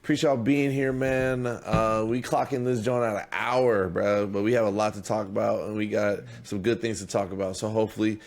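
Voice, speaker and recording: A man co-hosting an anime podcast in a relaxed way, chiming in with quick agreement. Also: lowish voice. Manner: relaxed, affirming with quick interjections. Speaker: podcast co-host. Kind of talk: casual chat.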